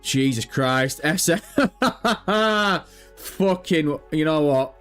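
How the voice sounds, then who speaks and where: A man hosting a casual gaming livestream, his voice sitting fairly high for a man. He talks in a loose, sweary way and keeps cracking up with laughter. Faint music plays softly behind him. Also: lively intonation, very slow.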